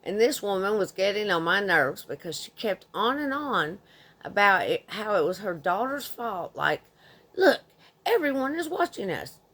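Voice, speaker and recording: A woman's voice: mid-range voice, animated, moderate pace, sharp tone. A woman in her thirties reading a forum story aloud in an indignant, conversational way. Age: 30s. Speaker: narrator.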